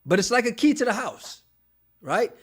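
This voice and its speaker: A man with a high, lively voice that swings widely in pitch. He co-hosts a casual podcast, recapping a reality show with laughter and mock scolding. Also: normal speed. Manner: animated, laughs often, scolds in jest. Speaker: podcast co-host.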